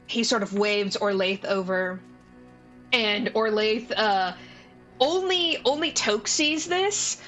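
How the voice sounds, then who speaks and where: A woman runs a tabletop game as game master. She narrates at a slow, unhurried pace and hesitates often. Quiet music plays in the background. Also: medium pitch. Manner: slow, hesitant, full of fillers. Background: faint music.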